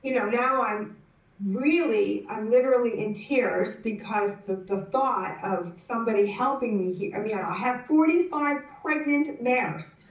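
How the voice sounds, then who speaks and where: Woman, conference speaker, storytelling, animated, acts out quotes, restarts sentences, slow pace, far from mic. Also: fairly high pitch. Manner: frequent self-corrections and restarts. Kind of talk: personal storytelling talk. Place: conference hall. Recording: roomy hall, speaker distant from the mic.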